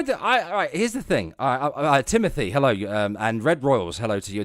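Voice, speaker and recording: A man chatting casually on a livestream, profane and rambling, jumping between loud outbursts and low muttering. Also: big pitch swings, moderate pace, no echo, clean studio sound.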